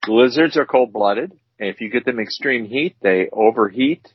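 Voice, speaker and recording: On a casual chat show, a male co-host jokes and rambles through his stories in an animated way. His medium-pitched voice moves at a normal speed, captured in dull, dry lo-fi audio with slight background noise.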